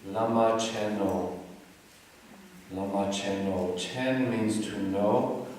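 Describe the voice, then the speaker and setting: A man giving a devotional talk as a meditation teacher, soft-spoken and unhurried, explaining and leading chants. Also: lowish voice, steady tone, a little hiss or hum. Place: yoga retreat hall. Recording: echoey hall from far off.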